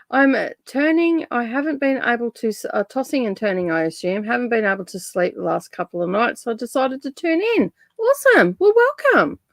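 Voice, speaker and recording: A woman's voice: a little high, no echo, studio quality. An Australian woman hosting a casual livestream chat. She laughs often and reads out viewer messages. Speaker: livestream host.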